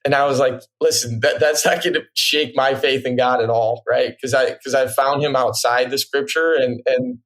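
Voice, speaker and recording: A man talking as a podcast guest in casual chat, reflective and hesitant, filling pauses with "like" and "right?". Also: medium pitch, steady tone, a bit bright.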